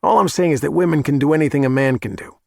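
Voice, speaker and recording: A man's voice: quick pace, gravelly, dry recording, clean studio sound. A man voicing a smug, preachy male hired killer who lectures in a condescending tone. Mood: lecturing, smug. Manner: lecturing, condescending, lifted pitch.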